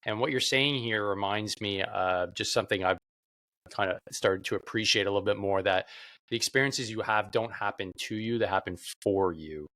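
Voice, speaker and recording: A man's voice: on the low side, moderate pace, pushed and bright, no echo. A man hosting a podcast, chatting casually and thinking aloud with fillers. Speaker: podcast host. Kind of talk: casual chat.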